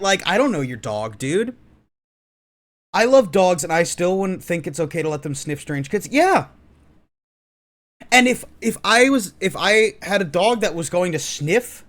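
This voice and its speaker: A man delivering opinionated reaction commentary in a sarcastic, swearing rant. His voice is fairly high for a man and very animated, jumping up and down constantly. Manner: ranting, sarcastic, profane. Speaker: online commentator.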